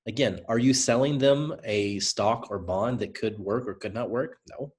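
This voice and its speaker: Speaking at a moderate pace in a voice on the low side, this Southern US man delivers a team training talk meant to motivate. His style is energetic and conversational, like a coach, and he drives points home by repeating them.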